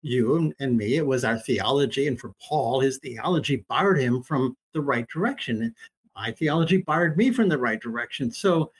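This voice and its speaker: A man's voice: medium pitch, lively intonation, moderate pace, slightly rough. A man in his seventies, a Christian teacher, telling stories in a folksy, emphatic way during a casual conversation. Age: 70s.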